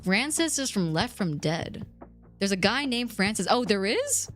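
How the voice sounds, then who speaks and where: A young adult woman streamer chatting casually with viewers, jumping between squeaky highs and mock-deep lows. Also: big pitch swings, a little slow, soft background music.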